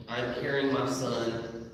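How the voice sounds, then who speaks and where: A middle-aged man preaches, telling a personal story in an easy, mid-pitched voice that sinks to a near hush when it turns sad. He sounds distant, with a long reverb ringing around him as in a large church hall, and a faint noise underneath. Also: little pitch movement, slow pace. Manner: storytelling, soft and hushed at sad moments. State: sick with a sinus infection. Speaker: pastor. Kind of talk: sermon. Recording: echoey hall, voice from far off.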